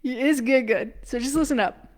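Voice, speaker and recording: A woman with a bright, high voice tells a long personal story straight to her listeners. She talks in a loose, chatty rush, fills her sentences with "like," and drops into quick laughs as she acts out her own past remarks. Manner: animated, filler-heavy with frequent "like", quick laughs. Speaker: preschool business coach.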